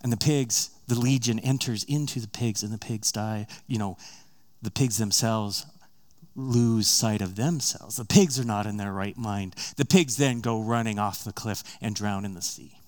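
A man's voice: on the low side, moderate pace, darkish tone. A man preaching a sermon, retelling a story in a casual, conversational way and acting out the characters' lines.

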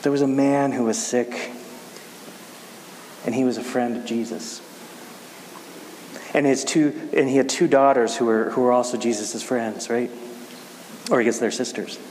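A man preaching a casual sermon, talking in a conversational, halting way with frequent restarts. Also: mid-range voice, fairly even intonation, darkish tone. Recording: echoey hall with faint hiss.

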